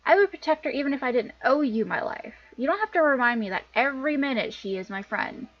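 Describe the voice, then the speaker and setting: A woman's voice: high voice, expressive, quick pace. A woman reading a defensive young adventurer. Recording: dull lo-fi recording.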